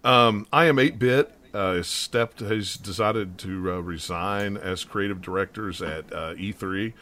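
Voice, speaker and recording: A man hosts a relaxed gaming podcast in a slightly low voice with a bright, forward tone. He talks in loose, stop-start runs, often restarting a thought before it lands. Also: a little slow, a little hiss or hum. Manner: rambling, stop-start delivery with frequent restarts. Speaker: podcast host. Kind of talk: casual chat.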